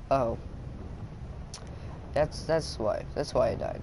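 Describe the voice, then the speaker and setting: A young man narrates his gameplay in a loose, rambling way, cracking jokes at his own expense. His voice sits a little on the high side. Loud in-game noise plays behind him the whole time. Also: sing-song, a little slow, gravelly, long pauses. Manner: joking, rambling, self-mocking. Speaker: gaming YouTuber. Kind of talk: casual gameplay commentary.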